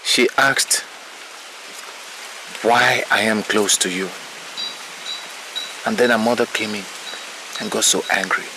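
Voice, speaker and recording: An actor playing a mistreated young palace servant in a Nigerian film drama, plaintive, with a Nigerian accent. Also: male voice, on the low side, steady tone, takes it slowly, long pauses, background noise. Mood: sad.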